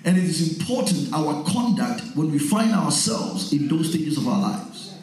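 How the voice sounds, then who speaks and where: A male pastor delivering a sermon, telling personal stories and building up to forceful preaching. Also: fairly high pitch, animated, a little slow. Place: church hall. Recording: echoey hall.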